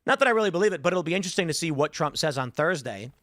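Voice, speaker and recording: A man hosting a casual political panel, telling animated stories and acting out quotes. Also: on the high side, rapid-fire, no room sound, clean studio sound. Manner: animated storyteller, acts out quotes. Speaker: host.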